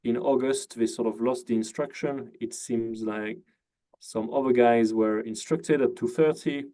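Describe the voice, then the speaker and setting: Easygoing man host, mellow voice. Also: medium pitch, fairly even intonation, a little slow. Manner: easygoing, lots of fillers, asks leading questions. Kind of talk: casual interview on a video call.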